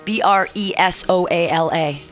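A woman's voice: fairly low pitch, moderate pace, soft background music. A woman hosting a radio show in a studio, chatting casually and enthusiastically. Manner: chatty and enthusiastic, lots of fillers. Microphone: studio mic with headphones.

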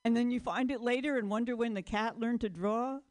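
A woman's voice: fairly high pitch, brisk. A woman doing a stand-up comedy set on stage, rambling through self-deprecating jokes. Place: stage before a live audience.

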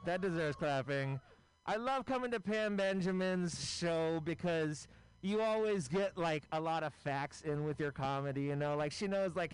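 A man's voice: on the high side, clear, resonant tone, poor audio. A man doing a rambling, self-deprecating stand-up comedy set.

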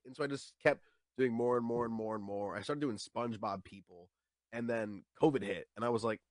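A man's voice: mid-range voice, brisk, dry recording, clean studio sound. A young man, a stand-up comedian, chatting casually in an interview and often repeating words as he starts his sentences.

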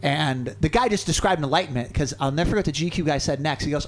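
A man co-hosting a radio show in a studio, telling a long story in a rambling, animated way and swearing freely. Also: on the high side, fairly quick, few pauses, a little hiss or hum. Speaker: co-host. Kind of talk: casual storytelling on talk radio.

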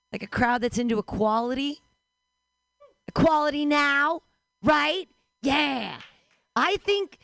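A woman's voice: on the high side, dry recording. A woman host closing the show with a playful stand-up bit. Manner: playful, building to excited shouts. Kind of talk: stand-up set.

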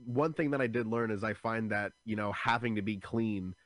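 A young man who does stand-up comedy. He is a guest in an interview and tells animated stories with many restarts. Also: fairly low pitch, normal speed, dry recording. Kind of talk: casual interview chat.

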